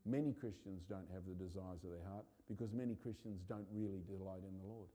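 A man, a pastor, preaching a sermon with impassioned urgency that builds to loud peaks. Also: low-pitched, fairly even intonation, fairly quick.

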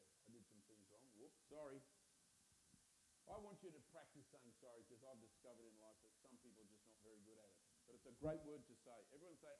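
A man's voice: medium pitch, reverberant, background noise. A man preaching a sermon in a church, talking conversationally and pressing his points hard, and asking the congregation to answer back. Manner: conversational, emphatic, asks the congregation to respond.

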